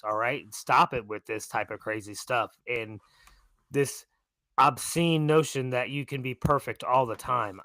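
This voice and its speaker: A man's voice: medium pitch, fairly bright tone, no room sound. A man co-hosting a sports podcast, ranting in an insistent way. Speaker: podcast co-host. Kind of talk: casual sports talk.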